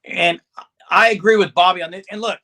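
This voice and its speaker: A man co-hosting a casual sports talk stream, loud and emphatic, sometimes yelling. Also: high voice, steady tone, brisk. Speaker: co-host.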